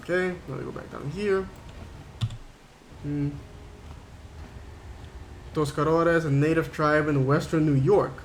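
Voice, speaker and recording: A man's voice: a little high, fairly even intonation, unhurried, long pauses, slight background noise. A man livestreaming a game, chatting casually and rambling as he thinks aloud while reading chat. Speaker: game streamer.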